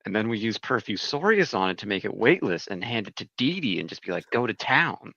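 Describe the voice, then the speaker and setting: A man's voice: lowish voice, very animated, fast, vocal fry, fairly bright tone, breathy edge, dry recording. A man playing a tabletop game, reading out his rolls with hesitant fillers. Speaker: player. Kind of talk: casual play at a tabletop game. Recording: dull lo-fi mic.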